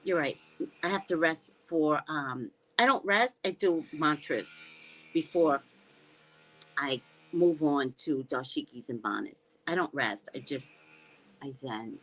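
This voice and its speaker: A woman host with a notably low voice that swings widely in pitch, chatting loosely on a livestream. She rambles from topic to topic and reads out viewer comments as they come in. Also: animated, takes it slowly, fairly bright tone, rough recording. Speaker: psychic reader and livestream host. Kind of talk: casual livestream chat.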